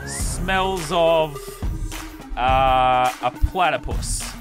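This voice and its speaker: A man's voice: fairly high pitch, measured pace, soft background music. Jokey Australian man commentating a game. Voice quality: jokey and swearing, excitable. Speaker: gaming video host. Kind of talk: gameplay commentary.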